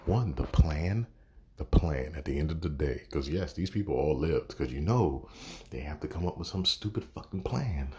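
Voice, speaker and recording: A man's voice: very deep voice, darkish tone, breathy edge. A man giving a casual, profane movie review, exasperated and sarcastic, swearing constantly.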